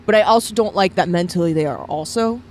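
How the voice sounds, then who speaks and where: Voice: mid-range voice, fast talker, a little mellow, natural voice. An improv performer playing a caged circus animal who chats in a gossipy, dramatic way.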